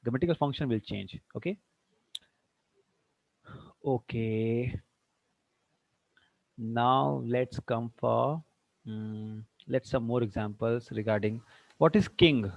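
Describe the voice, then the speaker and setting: A man runs an English grammar lesson, firing questions at his students and checking they follow. His voice sits at an ordinary pitch. The recording is dull and dry, as if from a classroom camera. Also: slow pace, creaky, pauses often, no echo. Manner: quizzing students with frequent check-ins, mixing in Hindi. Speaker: English teacher.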